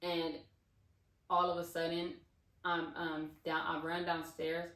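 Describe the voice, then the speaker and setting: A woman talks casually on her vlog, telling a story in a loose, rambling way full of fillers and restarts. Her voice sits a little low. She is recorded from some distance in a roomy, echoey space. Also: completely flat delivery, slow, fairly bright tone. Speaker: vlogger.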